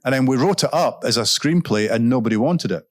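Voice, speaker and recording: Male author guest at a live festival talk. Mid-pitched, dry close mic, chatty anecdote-teller with lots of ums and restarts. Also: animated, brisk, no room sound. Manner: chatty, anecdotal, with frequent uh and um and self-corrections; laughs while telling stories. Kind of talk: casual onstage storytelling and Q&A. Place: stage at a live event.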